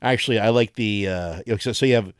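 A man's voice: on the low side, quick pace, clean tone, dry recording, clean studio sound. A man co-hosting a podcast, joking and rambling in casual banter, sometimes breaking into mock singing and impressions. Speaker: podcast co-host.

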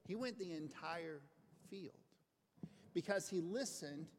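A man's voice: sits high, expressive, slow pace. A man preaching a conversational, earnest sermon in a church. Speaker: pastor. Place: church sanctuary. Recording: echoing hall, faint noise.

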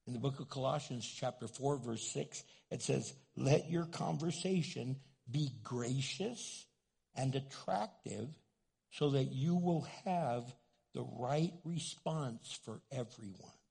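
A man's voice: medium pitch, takes it slowly, creaky, darkish tone, husky. A man preaching a sermon, telling stories with animation and acting out the people in them. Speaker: pastor.

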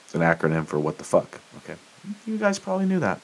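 A man's voice: low-pitched, wildly swooping pitch, fast. A man hosting a solo podcast, ranting in a fired-up, profane way about sports and politics. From United States. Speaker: podcast host. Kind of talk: solo opinion monologue.

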